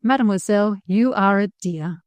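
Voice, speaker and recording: A woman's voice: mid-range voice, normal speed, darkish tone, no echo, natural voice. A woman voicing a polite, scheming young schoolboy who talks earnestly and sweetly. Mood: wheedling.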